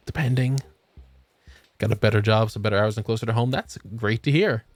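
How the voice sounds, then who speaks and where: A man's voice: on the low side, fairly quick, a little mellow, dry recording. A young man streaming a game, chatting casually and joking with swearing, tired after a long work shift. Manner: laid-back, swearing, joking. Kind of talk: casual chat while gaming.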